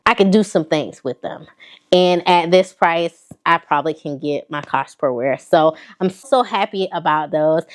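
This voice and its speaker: A woman with a Southern accent, chatting casually and sassily to her viewers while showing off a fashion haul. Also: lowish voice. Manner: sassy, animated, talks straight to viewers. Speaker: fashion vlogger.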